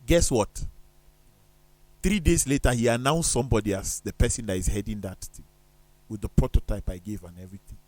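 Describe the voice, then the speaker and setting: A man's voice: fairly low pitch, a little fast, darkish tone, dry recording. A man talking on a studio discussion show in an emphatic, preacherly way, firing off rhetorical questions.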